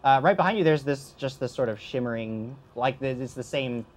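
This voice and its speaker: A man narrating a tabletop game as game master, animated and halting, with frequent restarts. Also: mid-range voice.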